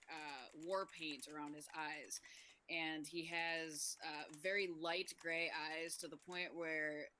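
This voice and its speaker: A woman's voice: low-pitched, sharp tone. A woman player describing her tabletop game character in a chatty way, with uhs and likes.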